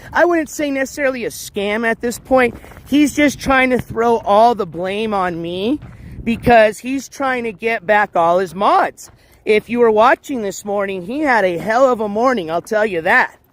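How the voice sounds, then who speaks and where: A man with a rather high voice rambles to his live viewers while walking a trail outside. His talk is loose and chatty, packed with fillers and false starts, as if he's talking into a phone he's carrying along. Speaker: live streamer. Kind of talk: casual walking live stream chat. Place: outdoors on a trail.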